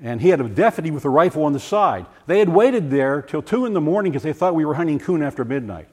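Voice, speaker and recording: An older man giving a personal testimony, animated and full of restarts, acting out voices as he tells the story. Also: on the high side, fast, breathy edge. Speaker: former science teacher giving a testimony. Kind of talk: personal testimony talk to a group.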